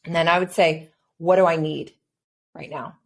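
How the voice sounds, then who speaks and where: Woman, podcast host, slightly low voice, reflective, casual conversation. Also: fairly even intonation, moderate pace, vocal fry. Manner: reflective, retelling her own past thoughts.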